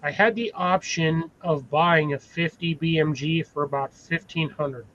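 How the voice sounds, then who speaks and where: A man chatting casually on a live stream, rambling and animated, swearing freely. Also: on the high side, measured pace. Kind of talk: casual chat. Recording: dull lo-fi mic.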